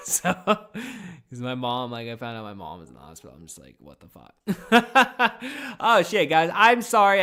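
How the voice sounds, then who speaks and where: Bright-voiced sweary podcast host man. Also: medium pitch. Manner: rambling, heavy swearing, lots of fillers. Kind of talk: casual podcast chat. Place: small home office.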